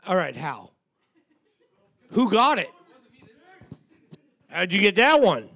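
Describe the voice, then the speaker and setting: A man's voice: sits high, very animated, slow pace, creaky, sharp tone. An English man co-hosting a quiz, sardonic and sweary, laughing often. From England. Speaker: co-host. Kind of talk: casual banter.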